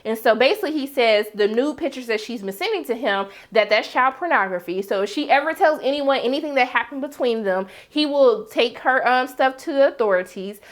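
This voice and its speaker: A woman with a fairly high voice recaps a TV episode in a casual, slangy way. She tells the story with dramatic reactions and lively storytelling. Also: fairly quick, hardly any pauses. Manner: slangy, conversational. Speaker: TV series reviewer.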